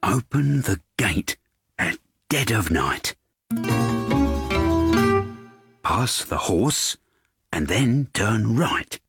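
A man voicing a sly male cattle thief in a storybook reading, low, slow and conspiratorial, half-whispering the plan. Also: heavily acted. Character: two sly male cattle thieves plotting. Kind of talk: storybook read-aloud.

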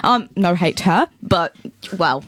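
A woman's voice: fairly low pitch, animated, measured pace, fairly bright tone. A woman hosting a radio show in the studio, chatting playfully and laughing often with her guests. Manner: playful, giggly, bubbly. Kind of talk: casual radio banter.

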